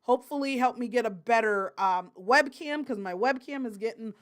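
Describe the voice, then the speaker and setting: A woman with a fairly high voice hosts a casual live stream and talks through her viewers' chat. She rambles with plenty of fillers and apologies, then breaks into loud, excited outbursts. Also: normal speed. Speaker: livestream host reading viewer chat.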